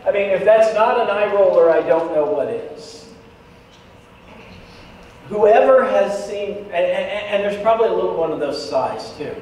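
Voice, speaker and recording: A man, a pastor, preaching a sermon in a lively way, breaking off for jokes with the congregation. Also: sits high, fairly quick, few pauses, far from the mic. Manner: lively, joking asides to the congregation. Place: church sanctuary. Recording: echoey church hall, voice from afar, faint noise.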